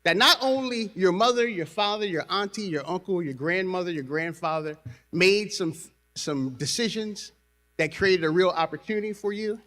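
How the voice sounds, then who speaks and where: A man's voice: sits high, normal speed, a bit bright. A man giving a convocation speech as university president, rousing the crowd and leading call and response.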